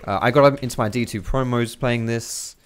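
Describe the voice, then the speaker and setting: A man's voice: medium pitch, normal speed, clear, resonant tone. Chatty man commentating a game. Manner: chatty, swears freely, laughs often. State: out of breath. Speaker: gaming commentator. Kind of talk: casual gameplay commentary.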